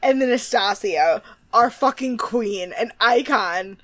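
A woman's voice: fairly high pitch, slow, fairly bright tone, dry recording. A woman co-hosting a casual show, recapping TV with friends; she laughs often and swears freely. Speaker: podcast co-host.

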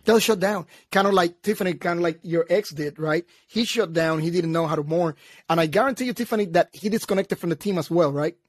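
A man's voice: high-pitched, fairly quick, no echo, studio quality. A man hosting a casual conversation, earnest and repeating himself for emphasis.

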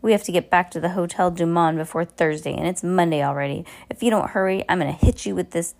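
A woman's voice: fairly low pitch, fast, creaky, a little mellow. A woman reading aloud and voicing a wicked, scheming male villain who sneers and threatens. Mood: menacing.

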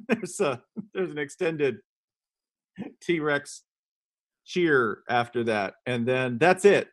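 A man's voice: fairly high pitch, takes it slowly. A man hosting a comedic podcast, joking around and laughing often. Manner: jokey, laughs often, bursts into silly voices. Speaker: podcast host.

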